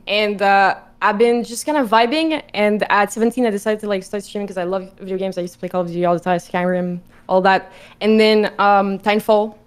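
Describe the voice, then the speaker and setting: A woman from Quebec whose first language is French, speaking at a middle pitch. She rambles bluntly with many fillers in casual streamer chat. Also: smooth. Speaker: contestant.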